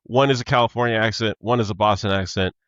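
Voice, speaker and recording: A man's voice: lowish voice, quick pace, a bit bright, dry recording. A man co-hosting a casual comedic podcast, retelling movie scenes and asking incredulous questions. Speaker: podcast co-host. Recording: slightly dull, lo-fi mic sound.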